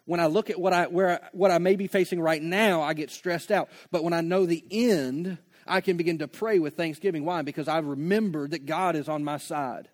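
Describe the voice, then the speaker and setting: A man with a high voice delivers a sermon. He talks with passion, dropping to a hush and then building to loud, rising appeals. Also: fairly quick, few pauses. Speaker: pastor.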